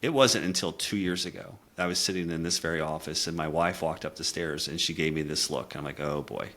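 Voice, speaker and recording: A man's voice: low voice, steady tone, a little fast. A middle-aged man, a communication coach, telling a candid personal story in an earnest, reflective way. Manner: earnest, reflective, drops quiet for emotional moments.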